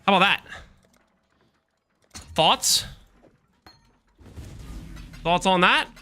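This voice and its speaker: A man's voice: high voice, expressive, very slow, pushed and bright. A man streaming a game, chatting and joking with his chat while walking on a treadmill. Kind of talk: casual live-stream chat.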